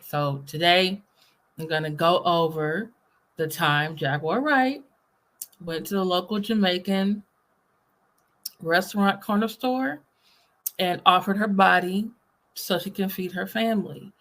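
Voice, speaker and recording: A woman's voice: on the low side, a little slow, pauses often, a bit bright. A woman hosting a casual reaction video, chatting to her viewers while talking around new braces. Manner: chatty, apologetic about fresh braces affecting speech. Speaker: reaction channel host.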